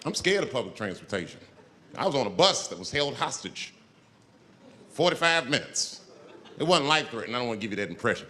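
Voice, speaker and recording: Animated, profane male stand-up comic. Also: mid-range voice, brisk, pauses often. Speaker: stand-up comedian. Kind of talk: stand-up routine. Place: live comedy venue. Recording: live show, crowd and noise.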